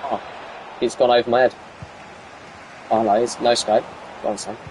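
A young man live-streaming a football video game, bantering with teammates over voice chat and shouting at the plays. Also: medium pitch, steady tone, normal speed, slight background noise.

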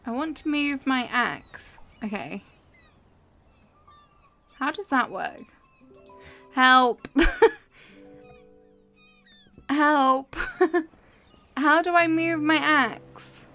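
A woman's voice: high-pitched, very animated, takes it slowly, creaky, pauses often, pushed and bright, soft background music. A woman live-streaming a cozy game, giggly and chatty as she talks to her chat.

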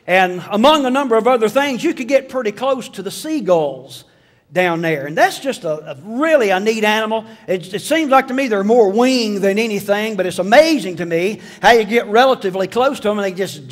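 A middle-aged pastor's high, animated voice moves at normal speed through a sermon, echoing with long hall reverb. His preaching leans on folksy tales, jokes and voiced asides.

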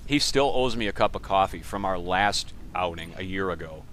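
A man's voice: fairly low pitch, moderate pace, fairly bright tone. A man narrating a let's play, casually and sardonically, cursing and grumbling at the game's characters. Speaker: gaming commentator.

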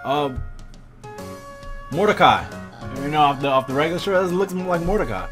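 Young male let's-play host, goofy, lively pitch, faint game music under him. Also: normal speed, long pauses. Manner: goofy, joking reactions. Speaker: gaming video host.

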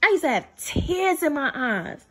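Woman sharing her faith to camera; emphatic, repetitive delivery in a somewhat high voice. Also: sing-song, unhurried. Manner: emphatic, repeats phrases for stress; drops low and soft to quote God. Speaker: faith video speaker. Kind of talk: spiritual testimony to camera.

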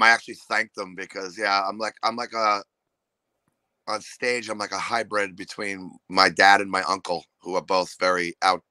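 A comedian from New York with a New York accent, talking casually and profanely, breaking into loud, ranting impressions. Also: male voice, fairly low pitch, no echo, low-quality recording. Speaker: comedian guest. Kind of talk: casual podcast chat.

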